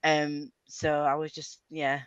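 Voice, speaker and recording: A woman's voice: deep voice, monotone, takes it slowly, clean tone, no room sound, lo-fi sound. A woman chatting casually on a livestream, rambling with lots of fillers and laughing often. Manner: giggly, rambling, many fillers. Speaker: livestream co-host. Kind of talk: casual group chat on a livestream. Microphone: webcam headset or desk mic.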